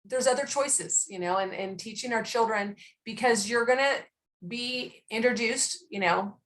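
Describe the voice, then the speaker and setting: A woman's voice: a little high, measured pace. A middle-aged woman in casual conversation, telling stories about raising her children and acting out the lines of the people in them. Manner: animated storyteller who acts out quotes. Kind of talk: casual chat.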